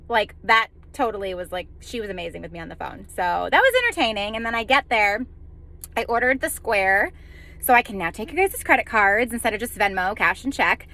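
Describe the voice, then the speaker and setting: A woman's voice: a little high, pushed and bright. A woman home organizer telling a funny story about her hectic week in a chatty vlog, laughing at herself and acting out what people said.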